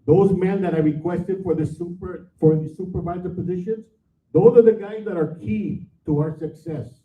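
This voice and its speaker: A division manager speaks bluntly and with frustration during public comment at a board meeting in a meeting hall. His voice sits high at normal speed, with slight background noise. The recording is echoey, tinny, and made far from the mic.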